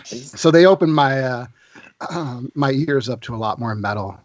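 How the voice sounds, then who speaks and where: A man's voice: medium pitch, lively intonation, normal speed, dry recording, muffled recording. A man in his forties from central New York, a podcast guest chatting eagerly and telling stories. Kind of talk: casual chat.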